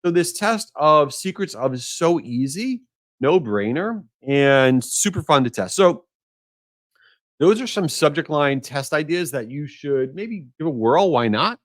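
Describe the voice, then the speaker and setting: A man hosting a solo podcast, talking energetically in a jokey, animated way with strong opinions. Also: a little high, unhurried, no room sound, studio quality. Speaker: podcast host.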